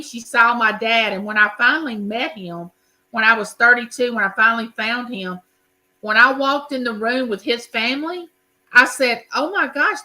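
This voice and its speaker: Bright, emphatic woman in casual chat. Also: on the high side, low-quality recording. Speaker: co-host of a community chat stream.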